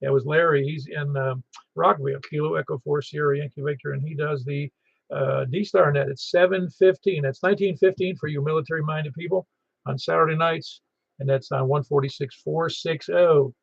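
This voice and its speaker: A man's voice: on the high side, fairly even intonation, normal speed, gravelly, no room sound. A man hosting an amateur radio net in casual chat, rambling and telling stories with many restarts. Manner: rambling, chatty, self-interrupting storyteller. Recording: slightly muffled lo-fi audio.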